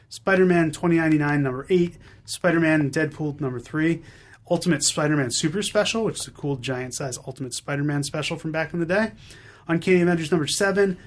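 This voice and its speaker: Upbeat, chatty male podcast host. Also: a little high. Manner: chatty, enthusiastic, quick fillers. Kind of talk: upbeat news roundup.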